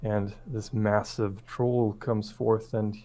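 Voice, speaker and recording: A man casually retelling a folk tale to friends in a relaxed, rambling way with frequent restarts. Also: on the low side, takes it slowly. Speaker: storyteller.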